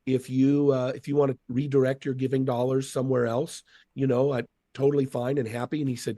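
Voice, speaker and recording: A man in his fifties telling stories from his career as a podcast guest, earnest and lively, acting out what others said. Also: medium pitch, fairly quick, no room sound, clean studio sound. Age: 50s. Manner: earnest, animated storyteller acting out quotes. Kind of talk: storytelling in a podcast interview.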